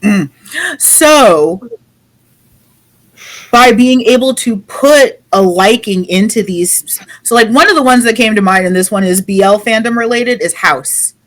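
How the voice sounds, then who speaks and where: A woman co-hosting a podcast in casual chat, with a wry, deadpan teasing manner. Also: mid-range voice, measured pace. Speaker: podcast co-host.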